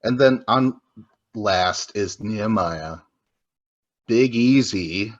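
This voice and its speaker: A man co-hosts a podcast, recapping a reality show in casual, profane chat full of jokes and rambling. His voice is on the low side and he takes his time, though the recording sounds muffled.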